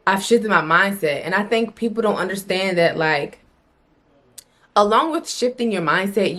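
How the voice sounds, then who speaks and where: Medium-pitched and a bit bright, this young woman vlogger talks to camera with casual motivation. Her delivery is blunt and forceful, with plenty of swearing and phrases repeated for emphasis.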